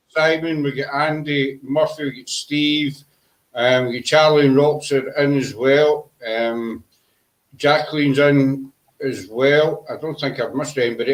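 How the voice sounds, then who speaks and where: A man's voice: a little high, normal speed, low-quality recording. A man co-hosting a live stream, casually reading out viewers' names from the chat and greeting them. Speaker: podcast co-host.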